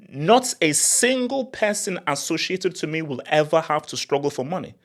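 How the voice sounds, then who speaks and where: A young man hosting a football channel, talking in an excitable, laughing rant. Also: on the high side, normal speed, few pauses. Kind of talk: animated football commentary vlog.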